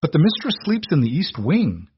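A man's voice: fairly high pitch, huge pitch swings, moderate pace, noisy background, pitched above the performer's own voice. A man doing a stammering, flustered old housekeeper. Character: flustered older woman housekeeper, timid. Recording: dull lo-fi recording.

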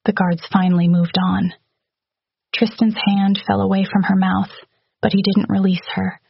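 A woman reading a romantic fantasy story aloud in a steady, even narration, with hushed dialogue. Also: mid-range voice, normal speed, creaky, husky, lo-fi sound. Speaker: audiobook narrator. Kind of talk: scripted narration.

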